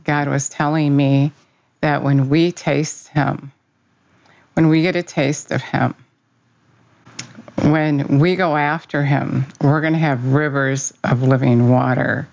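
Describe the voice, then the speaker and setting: Her voice is deep and a little mellow as she gives a casual, earnest devotional, starting with prayer and talking about what she believes. Fillers and self-corrections run through her speech, and the recording is rough.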